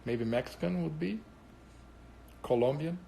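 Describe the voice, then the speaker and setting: A man's voice: on the high side, unhurried, vocal fry, dark tone, a little hiss or hum. A man from Brazil with a Brazilian Portuguese accent, chatting casually and answering viewer comments on a livestream, rambling and switching languages. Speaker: livestream host answering chat. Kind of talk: casual chat.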